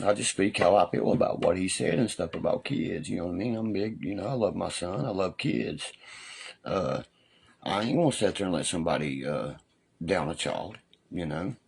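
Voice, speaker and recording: A middle-aged man from talks to his live-stream viewers in a drawl. His voice sits low and deep. His talk rambles, swears freely and leans on fillers. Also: vocal fry, darkish tone, slightly rough. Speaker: livestreamer. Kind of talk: casual live-stream chat.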